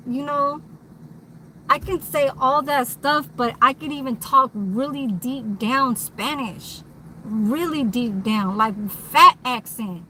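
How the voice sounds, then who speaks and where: A woman talks straight to camera in a loose, rambling way, blunt and unafraid to swear. Her voice is bright and sits a little high. She is recording inside a vehicle, with a faint hum underneath. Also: a little slow, low-quality recording. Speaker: vlogger. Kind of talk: candid unscripted monologue.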